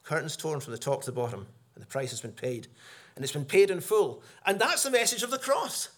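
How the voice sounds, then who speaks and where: Man, middle-aged, preacher, sermon, earnest, fairly high voice. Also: expressive, a little fast. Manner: earnest, rises for emphasis and drops low for solemn points.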